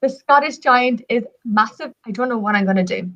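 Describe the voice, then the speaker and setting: A frightened Irish giant trembles at the thought of the fight, voiced by an Irish woman telling a folk tale. The voice dips a little low and pleads. The audio is dull and lo-fi. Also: brisk, fairly bright tone, lightly acted. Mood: terrified. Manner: fearful, pleading storyteller voicing. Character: frightened male Irish giant, boastful then scared.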